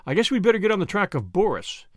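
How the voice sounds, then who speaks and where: A man's voice: sits high, big pitch swings, fast, dry recording, studio quality, voice pushed up. A man voicing a brash, generous young American with an American accent and breezy, confident slang.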